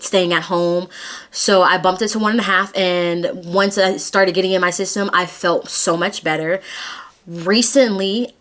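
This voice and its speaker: A woman's voice: fairly low pitch, fairly bright tone. A young woman vlogging her personal testimony, earnest and emotional, close to tears at times.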